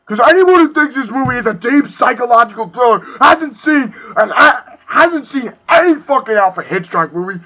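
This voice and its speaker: A young man ranting angrily about a movie, profane and swinging between shouting and muttering. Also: very high-pitched, animated, normal speed, few pauses. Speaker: video reviewer. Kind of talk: angry movie rant. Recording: dull lo-fi home recording.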